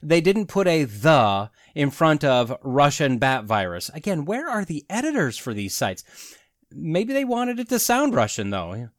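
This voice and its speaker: In a studio-quality clip with no room sound, a man in his forties hosts a podcast, his slightly high voice swinging hugely in pitch as he goes a bit slowly. His casual monologue is sardonic and full of rhetorical questions, and he laughs at his own jokes.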